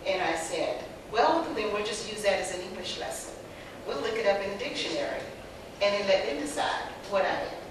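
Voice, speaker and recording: An older woman with a Southern accent, telling lively stories on a panel, acting out the dialogue and laughing often. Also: medium pitch, brisk, few pauses. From North Carolina. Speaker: panelist, former teacher. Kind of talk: personal storytelling on a panel. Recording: very echoey distant hall recording with background noise.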